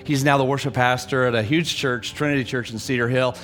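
A man's voice: medium pitch, brisk. A man pastoring a church, energetically leading his congregation from the platform before introducing a guest speaker. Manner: energetic, rallies the congregation to read aloud.

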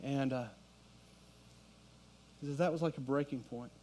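A man's voice: mid-range voice, steady tone, measured pace, a little mellow, slight background noise. A middle-aged man, a pastor, telling a story and preaching a sermon to his congregation. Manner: storytelling, builds to fervent preaching. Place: church sanctuary with congregation.

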